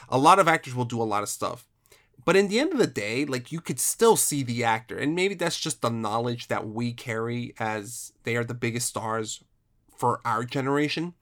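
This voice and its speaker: A man co-hosting a casual film chat, rambling with restarts and casual swearing. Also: medium pitch.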